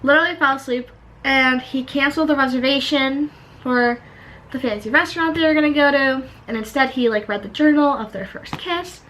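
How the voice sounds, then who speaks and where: A woman's voice: sits high, brisk, fairly bright tone, low-quality recording. Chatty young woman vlogging about books. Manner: chatty, fills talk with "like". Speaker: book vlogger. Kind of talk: casual vlog chat. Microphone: camera propped up without tripod.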